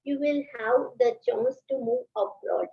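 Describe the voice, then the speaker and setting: A woman with an Indian English accent giving a short practice speech as a trainee. She hesitates often and fills pauses with "uh" and "mm.". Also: sits high. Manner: hesitant, many "uh" and "mm" fillers. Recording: dull lo-fi audio.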